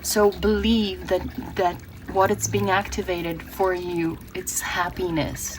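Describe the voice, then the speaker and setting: A woman's voice: on the low side, little pitch movement, slow, background noise. Earnest woman giving a tarot reading. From Brazil. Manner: emotional, earnest, with many restarts and fillers. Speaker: tarot reader.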